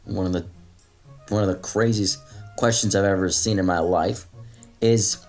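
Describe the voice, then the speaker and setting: A man's voice: low-pitched, steady tone, moderate pace, darkish tone, faint music behind, pitched below the performer's own voice. A man in a played clip, acting as a self-important young online "captain" who lectures and complains. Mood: lecturing. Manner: pompous, stiff, lecturing, complaining of being pissed off. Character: self-serious young male online "captain" of a chat platoon, touchy and easily angered.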